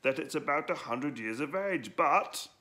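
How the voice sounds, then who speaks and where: A man's voice: fairly high pitch, lively intonation, a little slow, bright, forceful tone, pitched above the performer's own voice, full character voice. A man voicing a meek young male knight with a droning, boring voice, reading a storybook aloud. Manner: droning, wordy.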